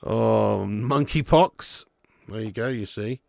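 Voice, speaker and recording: Broadcasting a live football watch-along from his home garage, which doubles as a storage room, a man chats casually with viewers, swears freely, and reads out the chat between bits of match commentary. His voice is on the low side, gravelly and darkish, and he takes things slowly. The recording is studio quality with no room sound.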